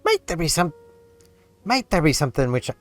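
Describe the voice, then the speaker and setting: A man doing an old owl curator, Irish accent, fussy and formal, higher than his own voice, lively pitch, game music in the back. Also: brisk, background noise. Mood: grandly polite. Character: pompous old male owl museum curator.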